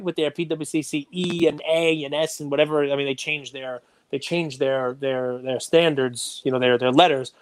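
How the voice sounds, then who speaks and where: A man co-hosting a podcast, talking casually and getting animated and worked up. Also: a little high. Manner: animated, gets worked up and loud. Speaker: podcast co-host.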